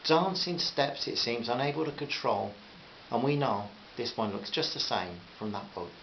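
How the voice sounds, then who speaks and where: A man voicing a gentle Liverpool lass. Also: mid-range voice, animated, normal speed, creaky. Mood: earnest. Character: young Liverpool woman, gentle but strong, thoughtful. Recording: slightly dull with faint hiss.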